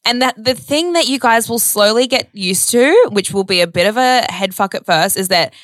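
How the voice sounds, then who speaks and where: A young woman co-hosting a podcast, talking in an easygoing, upbeat way with the odd swear word. Her pitch swings freely as she speaks. The sound is close and dry, with no room echo. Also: animated, moderate pace. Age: 20s. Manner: chatty, upbeat, sprinkles in swearing. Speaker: podcast co-host. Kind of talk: casual chat.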